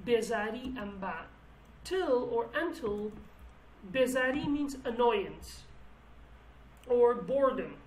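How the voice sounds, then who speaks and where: Kurdish-native woman breaking down song lyrics in english, kinda high voice, roomy echo, stops and restarts a lot. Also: lively intonation, slow pace, a little mellow, recorded from a distance, slight background noise. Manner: thinks aloud, restarts phrases, searches for English words. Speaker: language teacher.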